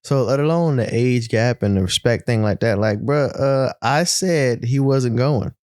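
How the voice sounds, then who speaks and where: A man co-hosting a podcast, reacting in animated casual chat and imitating the people he talks about. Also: medium pitch, unhurried, smooth, no echo, clean studio sound. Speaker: podcast co-host.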